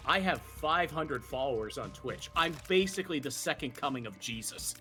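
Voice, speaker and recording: A man putting on a pompous, boastful male streamer who thinks too highly of himself. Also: animated, normal speed, sharp tone, faint music behind. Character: pompous self-important male online streamer.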